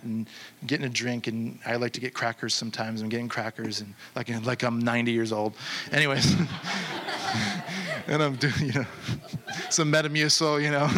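Guy pastor telling a story in a sermon, bright voice, jumps up high doing the voices, a little hiss behind. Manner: animated, acts out quoted voices with sudden high jumps; drops to slow, hushed delivery for the closing appeal.

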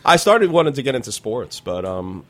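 Man in his thirties from Queens, radio guest, animated chatty storyteller. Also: medium pitch, normal speed. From Queens, New York. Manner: laughs often, lively storytelling. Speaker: TV news reporter, guest. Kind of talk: casual chat.

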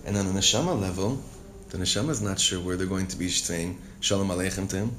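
Speaking fast over slight background noise, an expressive man leads a text-based Torah class. He reads the Hebrew text, translates and explains it with emotion, and rises in pitch and volume when moved.

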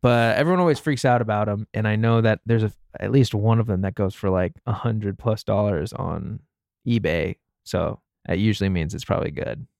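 A man's voice: fairly low pitch, fairly quick, creaky, darkish tone, no echo, studio quality. A young man co-hosting a casual gaming podcast, reading news in a chatty way with many fillers and restarts.

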